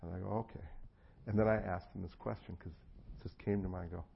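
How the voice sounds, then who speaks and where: Gravelly storytelling pastor, muffled recording. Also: male voice, low voice, steady tone, fast, a little hiss or hum. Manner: storytelling, acts out voices, laughs, swings from hushed to loud. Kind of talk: sermon with personal stories. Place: church hall before an audience.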